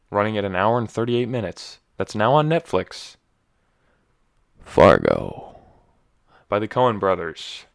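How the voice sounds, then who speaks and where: A young man hosting a casual solo podcast, rambling and joking, often stumbling and correcting himself. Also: fairly low pitch. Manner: rambling, self-correcting, jokey. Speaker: podcast host.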